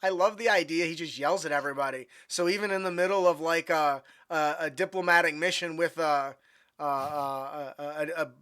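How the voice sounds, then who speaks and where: A man's voice: a little high, fairly even intonation, moderate pace, pushed and bright, smooth. A man co-hosting a tabletop gaming podcast, talking casually with many fillers and restarts. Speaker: podcast co-host. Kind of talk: casual chat. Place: home room over the internet.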